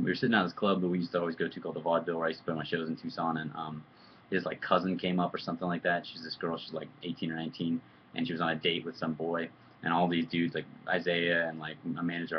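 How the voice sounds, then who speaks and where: Deep-voiced man in a loose joking chat. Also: dull audio, slight background noise. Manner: loose, joking, rambling storyteller. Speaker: musician answering fan questions. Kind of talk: casual live video chat. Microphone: computer webcam mic.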